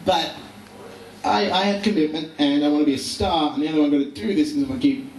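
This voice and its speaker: A man's voice: on the high side, fast, darkish tone. Brief: young man, stand-up, rambling, self-mocking, roomy room, distant mic, faint hum. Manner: rambling, self-deprecating, with many fillers and restarts. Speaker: stand-up comedian. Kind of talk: live stand-up set. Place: live comedy venue. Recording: roomy live venue recording from far off.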